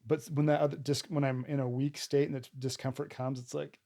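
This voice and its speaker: A man's voice: medium pitch, level tone, normal speed, mellow. A man hosting a podcast, talking earnestly and telling family stories, often breaking off and restarting his sentences. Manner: earnest, storytelling, self-interrupting. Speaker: podcast host. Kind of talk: casual podcast discussion.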